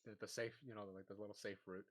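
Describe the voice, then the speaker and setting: Fast-talking man playing a tabletop game. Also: lowish voice, flat delivery. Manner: fast, informal, halting restarts. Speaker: player. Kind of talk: tabletop game role-play.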